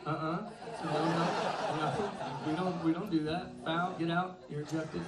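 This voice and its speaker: Between songs at a concert, the band's singer, a man in his thirties with a slightly high voice, tells a self-deprecating story and laughs often, speaking steadily at normal speed with few pauses. His stage mic runs through a PA, captured from afar in a roomy venue. Crowd noise and live band music fill the noisy background.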